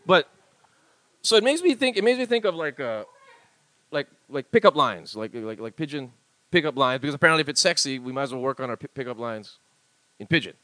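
A man's voice: very animated, brisk, sharp tone, no room sound. A man from Hawaii, co-hosting casual studio banter and joking often. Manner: joking, laughs often, pitches up for imitations. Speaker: radio co-host.

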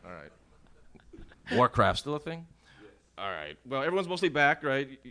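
Joking bright-voiced male podcast host. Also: medium pitch, very animated. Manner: joking, loose, quick to laugh. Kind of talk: casual banter.

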